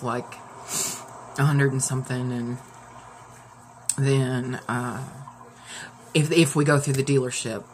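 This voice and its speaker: A woman's voice: extremely low pitch, a little hiss or hum. A woman hosting a casual live stream, upset and near tears, rambling with many fillers and restarts.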